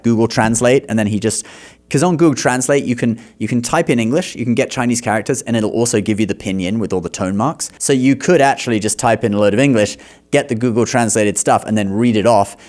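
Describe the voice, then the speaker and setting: A man teaching Chinese in reaction commentary. He explains patiently, slows down to model words and often checks in with "okay?". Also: medium pitch, darkish tone. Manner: explanatory, repeats words slowly to demonstrate; frequent laughs and checking "okay?".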